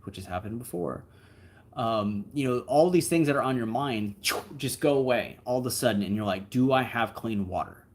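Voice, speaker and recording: A man's voice: mid-range voice, lively intonation, moderate pace, darkish tone, slight background noise. A man hosting a livestream, chatting casually with viewers and answering their comments in an easygoing, rambling way. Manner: easygoing, rambling, frequent fillers and asides. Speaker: livestream host.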